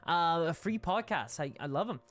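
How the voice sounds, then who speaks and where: A woman's voice: on the low side, lively intonation, normal speed. A woman hosting a casual livestream, rambling and laughing often as she reads viewer comments. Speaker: livestream host.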